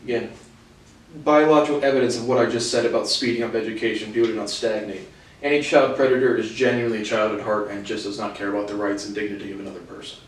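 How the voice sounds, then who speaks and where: A man's voice: fairly low pitch, fairly even intonation, quick pace, a little hiss or hum. A man delivers a rambling solo monologue, blunt and profane, looping back with repeated "again"s and broken-off restarts. He sits some distance from the mic in a strongly echoing room, so his voice sounds distant and roomy. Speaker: solo commentator.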